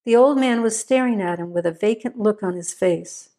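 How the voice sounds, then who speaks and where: Woman, story narrator, steady and measured, middle pitch. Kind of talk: scripted narration.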